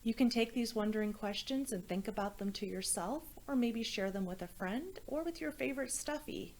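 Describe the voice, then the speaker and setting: A woman reading a children's story aloud at a church, gentle and expressive, speaking to children. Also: fairly high pitch, moderate pace, a little hiss or hum.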